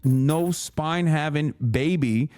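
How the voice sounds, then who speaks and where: A man's voice: on the high side, slow pace, a little mellow, a little hiss or hum. A man streamer ranting heatedly at his chat, swearing a lot and mocking people in a sarcastic put-on tone. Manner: angry, swearing, sarcastic mock quoting. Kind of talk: heated profane rant to chat.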